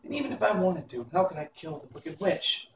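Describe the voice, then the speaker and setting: A man's voice: fairly high pitch, sing-song, fairly quick, roomy sound, distant mic, slight background noise, voice pushed up, low-quality recording. A man putting on a sobbing little girl. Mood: tearful pleading. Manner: sobbing, pleading. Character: young girl, tearful and despairing.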